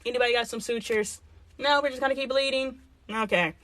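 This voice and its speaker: Fairly high and fairly bright, this woman's voice stays steady as she speaks a little fast with no room sound behind her. She's a middle-aged livestream host, casually going through viewer comments, answering frankly and reasoning aloud.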